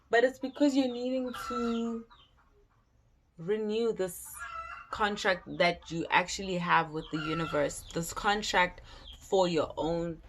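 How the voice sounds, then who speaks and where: Slow, easygoing woman tarot reader. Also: lowish voice, slight background noise. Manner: chatty, swears casually, slangy. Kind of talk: casual tarot reading.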